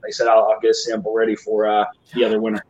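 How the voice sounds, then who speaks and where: A man's voice: fairly low pitch, rapid-fire. Organizer type, man, plain practical delivery, dull sound with faint noise. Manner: steady, practical, with fillers. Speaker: event runner. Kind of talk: casual chat. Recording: dull lo-fi recording.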